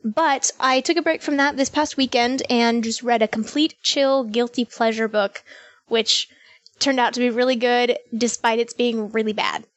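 A woman's voice: a little high, steady tone, normal speed, no room sound. A woman co-hosting a storytelling podcast in casual chat, chatty and self-aware, laughing often. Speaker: podcast co-host.

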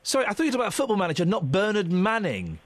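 A man's voice: sits high, wildly swooping pitch, very fast, dry recording. A man hosting a radio phone-in, bantering with callers in a playful, mock-exasperated way. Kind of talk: casual phone-in chat. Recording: dull lo-fi intercom sound.

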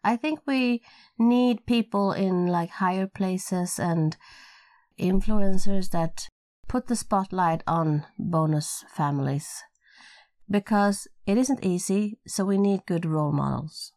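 A woman's voice: mid-range voice, takes it slowly, darkish tone, no room sound. A woman with a Swedish accent, Swedish her first language, co-hosting a casual podcast in English with playful, teasing banter into a podcast microphone. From Sweden. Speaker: podcast co-host.

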